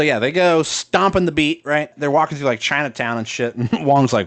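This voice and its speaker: A man's voice: fairly high pitch, normal speed, hardly any pauses, a bit bright, no echo. A male podcast co-host in casual chat, talking loosely with lots of fillers and swearing, laughing as he retells a story.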